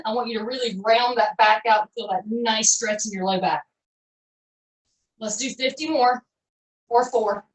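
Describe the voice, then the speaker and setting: Cueing moves in a live online pilates session, a cheerful fitness instructor chats in a folksy, upbeat, encouraging way. Her slightly high, a-bit-bright voice rises as she offers praise. The room is echoey, and she is captured from a distance.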